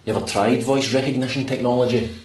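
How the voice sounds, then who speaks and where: A man's voice: mid-range voice, fairly even intonation, fast talker, darkish tone, lightly acted. An actor with a Scottish accent playing a grumpy, sweary man trapped in a talking lift in a sketch. He sounds exasperated and mocking. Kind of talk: TV sketch comedy. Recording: echoey, far off, with audience laughter.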